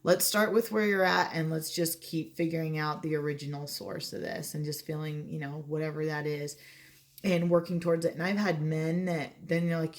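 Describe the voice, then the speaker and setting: A woman's voice: low voice, little pitch movement, normal speed. A woman hypnotist in a casual advice talk, chatty and often acting out short bits of client dialogue.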